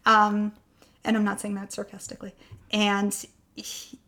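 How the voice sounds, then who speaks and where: A woman's voice: medium pitch, measured pace. A woman in her thirties telling a personal story in casual conversation, acting out the voices of the people she quotes. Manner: animated storyteller who acts out quoted voices. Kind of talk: casual chat.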